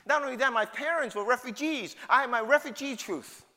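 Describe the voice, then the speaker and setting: A man's voice: extremely high pitch, fairly quick, pushed and bright. A middle-aged man with a New York City accent preaching a sermon, emphatic and full of rhetorical questions. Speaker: pastor. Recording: long hall reverb.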